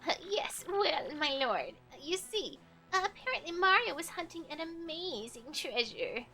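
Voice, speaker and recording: A woman's voice: very high-pitched, very animated, unhurried, sharp tone, soft background music, voice pushed up, exaggerated voice. A woman voicing a fawning old female witch advisor while reading game dialogue aloud. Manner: fawning, wheedling old crone voice.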